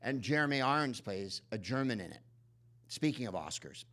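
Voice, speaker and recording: A male host gives a live, comic introduction to a film in a cinema. He rambles sardonically and leans on many ums and restarts, in a voice of middling pitch. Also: sing-song, normal speed, fairly bright tone.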